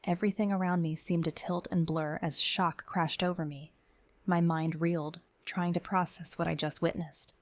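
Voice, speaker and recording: A woman giving measured, tense first-person narration of a scripted horror story. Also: lowish voice, little pitch movement, no room sound.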